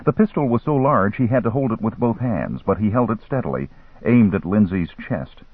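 Brief: low, husky male narrator, very animated pitch, phone-like sound. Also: moderate pace, dry recording. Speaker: audiobook narrator. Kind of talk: scripted novel narration. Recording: tinny phone-like line, dry.

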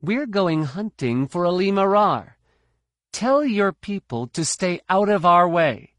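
A man's voice: high-pitched, very animated, slow pace, a bit bright, dry recording, clean studio sound, pitched above the performer's own voice, full character voice. A man voicing a determined young woman Jedi knight in an audiobook, firm and pointed. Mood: defiant.

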